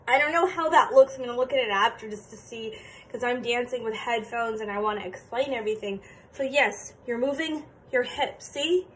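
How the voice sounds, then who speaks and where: Chatty woman vlogger with a high voice, encouraging tone, distant mic in an echoey room. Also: moderate pace, a bit bright, a little hiss or hum. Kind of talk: casual dance tutorial. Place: indoor room.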